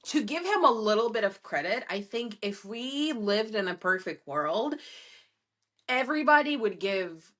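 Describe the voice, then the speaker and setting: A woman co-hosting a casual podcast, emphatic and expressive, often acting out what people say. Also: on the high side. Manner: expressive and emphatic, quick to act out lines. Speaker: podcast co-host. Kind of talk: casual chat.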